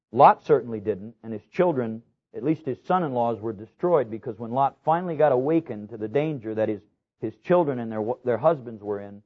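A male pastor delivers a sermon, pressing each point and climbing to loud, raised peaks. His voice sits at an ordinary middle pitch for a man. The sound is thin and narrow, like a tinny phone-line tape.

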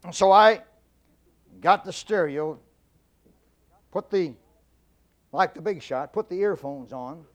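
A middle-aged man giving a humorous storytelling speech, folksy and animated, stammering and repeating himself for effect. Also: high voice, takes it slowly, pauses often. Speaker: public speaker.

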